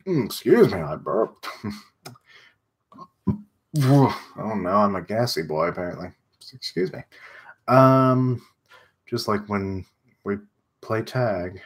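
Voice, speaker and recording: A man's voice: on the low side, animated, unhurried, long pauses, breathy edge. A man streaming live, reading a comic's dialogue aloud in a plain voice and breaking off for casual asides. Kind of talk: live read-aloud with reactions.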